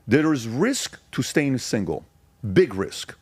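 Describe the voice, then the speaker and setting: A man's voice: mid-range voice, sing-song, takes it slowly, husky, no room sound. A middle-aged man giving his testimony as a podcast guest, speaking emphatically and telling stories, repeating phrases to drive points home.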